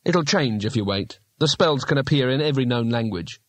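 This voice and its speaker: A nervous, bumbling wizard who talks in a hurried, unsure way, as a male narrator puts him on. The voice sits in a middle pitch, close and dry with no room sound. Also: lively intonation, a bit bright, no room sound, natural voice. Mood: fretful. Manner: hurried, doubtful.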